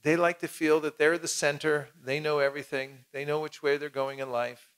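A man teaching a lively seminar to an audience, acting out short dialogues and having the crowd repeat lines after him. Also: a little high, normal speed, clean tone. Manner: animated, acts out little dialogues, leads the crowd in repeating. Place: cultural center hall with audience.

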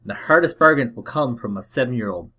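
A man's voice: mid-range voice, expressive, fast, bright, forceful tone. A man reading the lines of a wry adult adventurer while playing a game, close to his own voice.

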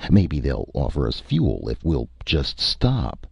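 A man playing a gruff, desperate male space trader in armor, barking urgent lines in a dry, lo-fi recording. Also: extremely low pitch, wildly swooping pitch, slow, darkish tone, no room sound, full character voice. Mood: scheming.

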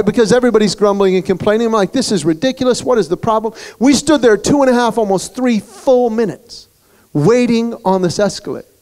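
A man giving a humorous motivational speech, telling stories in an animated way to a luncheon crowd in a banquet hall. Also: sits high. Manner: storytelling, animated. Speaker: guest speaker.

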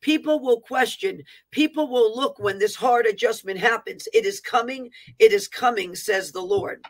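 A woman's voice: on the high side, moderate pace, low-quality recording. A woman minister earnestly reading aloud a prophetic word, stopping for asides about capital letters.

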